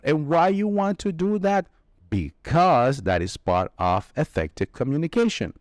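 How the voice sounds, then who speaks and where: Slow, lively male English teacher. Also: mid-range voice, dry recording, studio quality. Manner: slow, emphatic explaining with drawn-out key words. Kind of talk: vocabulary lesson.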